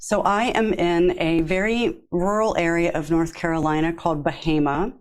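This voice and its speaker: Woman interview guest, deep voice, warm storyteller, relaxed and chatty. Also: normal speed, low-quality recording. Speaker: yoga therapist guest. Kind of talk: casual interview.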